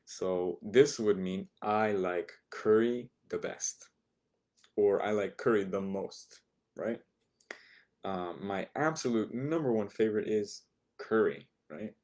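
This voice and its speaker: Slow, low-voiced man teaching a class. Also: a little mellow. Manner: patient, explanatory, repeats words for drill. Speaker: language teacher. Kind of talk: recorded online lesson.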